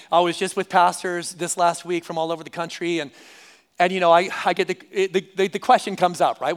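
Male pastor, sermon, high and clear voice, conversational, repeats lines for emphasis. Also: fairly quick. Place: church service.

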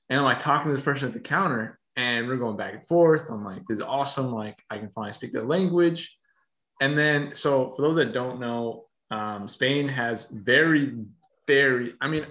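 Relaxed young man in a roomy space. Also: medium pitch. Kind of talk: casual storytelling chat. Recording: roomy echo.

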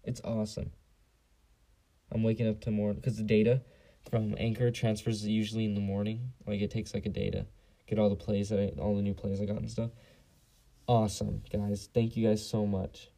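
A man's voice: fairly low pitch, level tone, normal speed, gravelly, warm tone, poor audio. A young man hosting a casual solo podcast, blunt and profane, rambling with lots of fillers on a basic home mic. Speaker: podcast host.

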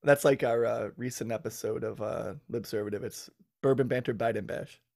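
A man's voice: medium pitch, fairly even intonation, brisk, creaky, a little mellow. A man guesting on a podcast, chatting casually and laughing easily. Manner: easygoing, laughs often. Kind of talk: casual chat.

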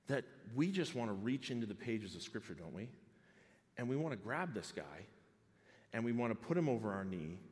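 A male pastor preaching an expository sermon, swinging between loud exclamations and hushed, intimate tones. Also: mid-range voice. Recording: long hall reverb.

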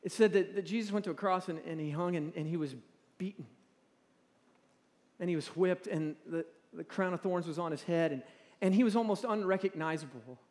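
A man in his forties preaching a sermon in a church, talking in a halting, conversational way with repeated words and drawing the audience to respond. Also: high voice, darkish tone. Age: 40s. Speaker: pastor. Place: large church hall. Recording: long reverb in a large hall.

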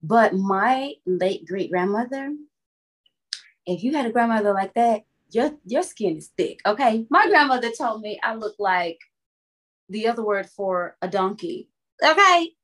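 A woman singer from Florida, telling lively, dramatic stories in an interview and calling the listener "honey". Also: mid-range voice, unhurried. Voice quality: expressive, calls the listener "honey". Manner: lively, dramatic, laughs often. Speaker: singer and guest. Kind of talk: animated interview storytelling.

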